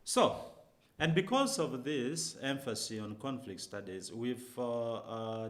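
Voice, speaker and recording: Professor lecturing with rhetorical questions. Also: male voice, mid-range voice. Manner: rhetorical questions, frequent hesitations. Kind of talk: academic lecture.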